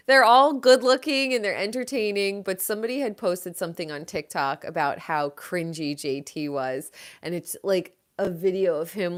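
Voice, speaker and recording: Slow-talking chatty woman host. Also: medium pitch, lively intonation, fairly bright tone. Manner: chatty, gossipy, swears casually. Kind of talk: casual chat about reality TV.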